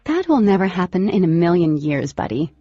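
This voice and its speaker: A woman voicing a defiant teenage girl who snaps back in loud, indignant retorts. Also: lowish voice, expressive, moderate pace, dry recording. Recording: slightly lo-fi with faint music.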